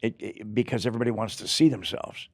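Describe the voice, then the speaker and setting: Older guy rambling through showbiz stories, gravelly voice, dry close sound. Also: fairly low pitch, fast talker, no echo. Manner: animated, rambling storyteller. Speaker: actor guest. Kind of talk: casual interview chat.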